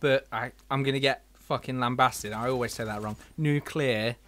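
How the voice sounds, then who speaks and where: A man's voice: medium pitch, steady tone, brisk, fairly bright tone. A man hosting a casual podcast chat, rambling and searching for words, swearing casually. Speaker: podcast host.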